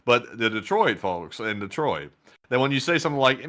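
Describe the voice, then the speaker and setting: Fast-talking Southern man, bright tone. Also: medium pitch, animated. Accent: Southern American. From Alabama. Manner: quick, rambling, with frequent fillers. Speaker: co-host. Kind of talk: casual livestream chat.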